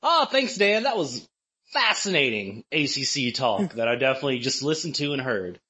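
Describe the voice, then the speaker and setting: Husky, sarcastic podcast co-host man. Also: mid-range voice, very animated, moderate pace, pushed and bright, dull audio. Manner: sarcastic, playful. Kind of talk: casual sports chat.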